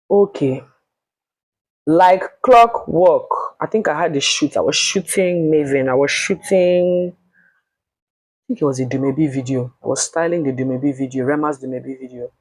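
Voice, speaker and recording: A woman with a Nigerian accent telling a personal story in a casual, blunt and animated way, swearing freely. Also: low voice, moderate pace, breathy edge, no echo, rough recording.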